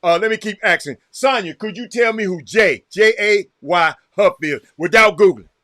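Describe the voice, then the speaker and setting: Southern guy running a live chat, high bright voice, calls viewers by name, hypes up over the game. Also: normal speed, no echo, clean studio sound. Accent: Southern American. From Texas. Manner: excitable, reacts loudly to a game while chatting; addresses viewers by name, repeats himself. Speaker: livestream host.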